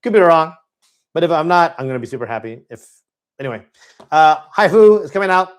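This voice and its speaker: Male live-stream host, excitable, casual rambling delivery, frequent fillers. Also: a little high, a little fast, clear, resonant tone. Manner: enthusiastic, rambling with many fillers. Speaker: board game channel host. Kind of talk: live Q&A chat.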